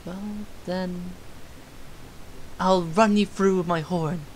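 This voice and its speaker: A woman's voice: lowish voice, steady tone, slow pace, a little mellow, slight background noise, poor audio. A woman voicing a cheeky, flirtatious male unicorn as she reads game dialogue aloud, teasing and smug. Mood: scheming.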